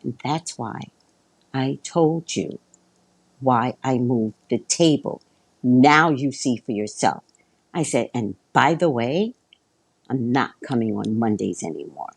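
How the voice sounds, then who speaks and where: A woman's voice: extremely low pitch, expressive, takes it slowly, vocal fry, slightly rough, dry recording, low-quality recording. A woman telling a story to her viewers in a casual, blunt, profane way. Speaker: vlogger.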